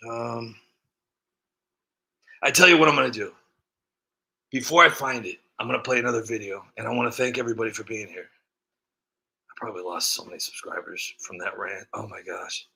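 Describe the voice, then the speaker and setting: Stammering man ranting, gravelly bright voice. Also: fairly low pitch, a little fast, long pauses. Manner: stammering restarts, sarcastic, swings into shouted outbursts. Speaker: comedy channel host. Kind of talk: ranting commentary.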